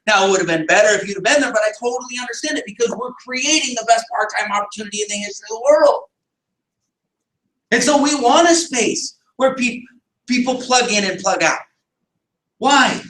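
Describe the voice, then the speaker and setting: High-voiced man giving an emphatic pep talk. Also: lively intonation, moderate pace, bright, forceful tone, slight background noise. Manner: emphatic, rhetorical questions, bursts of raised voice. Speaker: business team leader. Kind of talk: motivational team meeting talk. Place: meeting room with a group. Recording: echoey room, picked up from a distance.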